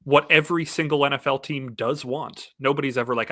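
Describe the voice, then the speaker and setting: Bright-voiced wry male sports reporter. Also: medium pitch, brisk, dry recording. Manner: wry, deadpan humor. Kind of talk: casual sports talk.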